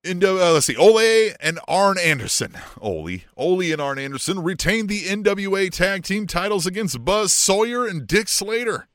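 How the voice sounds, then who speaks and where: A man's voice: sits high, lively intonation, moderate pace, hardly any pauses, a bit bright, no room sound, studio quality. A man co-hosting a casual wrestling podcast, reading out wrestling history with jokey, playful asides. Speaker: podcast co-host.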